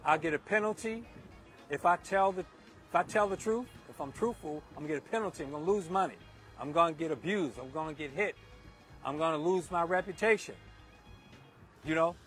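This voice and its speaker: High-voiced man preaching outdoors. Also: a little fast, pauses often, fairly bright tone, faint music behind. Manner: emphatic and repetitive, driving points home. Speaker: speaker giving a moral talk. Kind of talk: off-the-cuff preaching monologue. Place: outdoors in a windy park.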